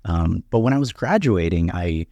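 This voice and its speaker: A man in his thirties with a deep, low voice speaks as an interview guest, answering in calm, articulate sentences that often open with a soft "um." The recording is dry and close, with no room echo. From United States, Honduran parents. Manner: measured, articulate, frequent "um" openers. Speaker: guest, company CEO.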